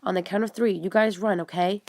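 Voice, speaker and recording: A woman's voice: medium pitch, fairly even intonation, a little fast, a little mellow, natural voice. A woman voicing a cautious, earnest boy who talks hesitantly. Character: cautious boy, plans things.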